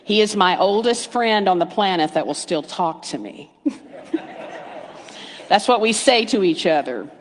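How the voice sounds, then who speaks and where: A middle-aged woman minister giving a sermon, storytelling warmly with playful asides and hushed emphasis. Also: medium pitch. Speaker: guest speaker minister. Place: church sanctuary. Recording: reverberant hall.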